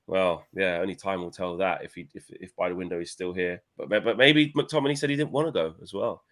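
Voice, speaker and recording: A young man talks in a lowish voice, casual and playful, sprinkling his banter with slang. He is co-hosting a fan livestream and reads viewers' comments aloud between jokes. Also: a little fast, a bit bright. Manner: banterous, playful, uses slang like "my son" and "innit". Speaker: co-host of fan channel livestream. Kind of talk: casual fan chat reading live comments.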